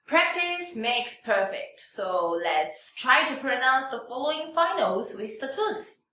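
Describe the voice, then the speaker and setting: Slow, lively woman language teacher. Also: sits high. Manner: drawn-out demonstrations of tones. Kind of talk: teaching pronunciation. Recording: echoey room, mic at a distance.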